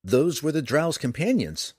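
Male narrator voicing a quavering, portly tavern storyteller, raised pitch, husky, dry audiobook recording. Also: very animated, measured pace, a little mellow, dry recording, heavily acted. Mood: insistent. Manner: shaky, quivering, higher-pitched voice. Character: fat-bellied tavern storyteller, boastful then nervous.

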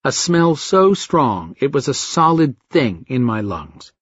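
A man's voice: mid-range voice, big pitch swings, slow, no echo, highs cut off. A man reading a first-person horror-comedy story aloud in a wry, vivid storytelling manner. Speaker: audiobook narrator.

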